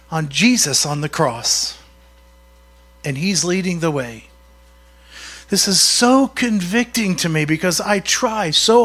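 A man's voice: high voice, fairly bright tone. A man preaching a sermon in a conversational way, often asking his congregation questions. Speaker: pastor.

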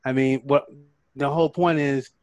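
A man taking part in an online Bible study over a video call, sharing a quick point in an offhand way. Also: medium pitch, steady tone, a little mellow, no room sound. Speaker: study group participant. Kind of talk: casual group discussion.

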